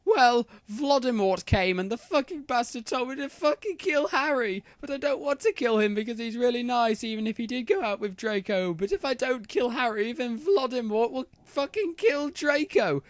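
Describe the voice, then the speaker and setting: Man doing a shrill goth teen girl. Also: lively intonation, normal speed, gravelly, few pauses, dry recording, heavily acted. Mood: hysterical. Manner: shrill, overwrought, swearing outbursts. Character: melodramatic teen goth girl narrator heroine.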